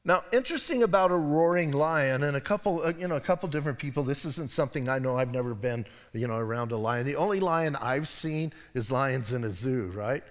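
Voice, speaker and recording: A man preaching a sermon as pastor, in a conversational style with digressive asides and animated moments. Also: mid-range voice, fairly quick, hardly any pauses, long reverb tail. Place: church sanctuary.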